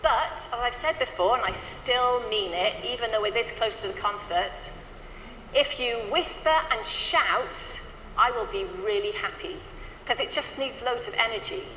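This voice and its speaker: A slow-spoken woman directing a choir rehearsal, upbeat and encouraging, her bright voice sitting a little high. It rings through a big echoey hall with a long reverb tail. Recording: echoey hall with faint ambient noise.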